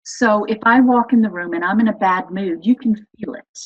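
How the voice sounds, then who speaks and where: Husky woman explaining with enthusiasm. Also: medium pitch, moderate pace, highs cut off. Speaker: guest expert on voice and energy healing. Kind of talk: casual interview explanation.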